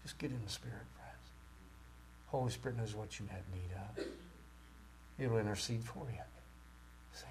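A man preaching a sermon with great passion, rising to loud cries and dropping to near-whispers. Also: lowish voice, moderate pace, gravelly, long pauses, a little hiss or hum. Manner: impassioned, swings from shouting to near-whispers.

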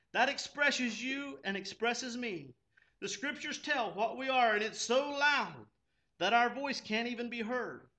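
A man's voice: high voice, sharp tone. A man preaching a sermon at a church service, exhorting fervently and rising to impassioned pleas. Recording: dull lo-fi recording.

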